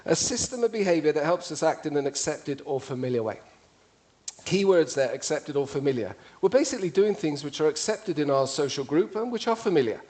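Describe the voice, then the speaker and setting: A man's voice: a little high, animated, a little fast, darkish tone. A man with an English accent giving a witty, conversational public talk to an audience. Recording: played from a video.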